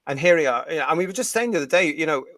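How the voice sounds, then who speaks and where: A man's voice: a little high, rapid-fire, no echo. Opinionated male host, dry close sound. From United Kingdom. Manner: opinionated, animated and ranting. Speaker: host of a live fan review show. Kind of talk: live-stream chat reading viewer comments.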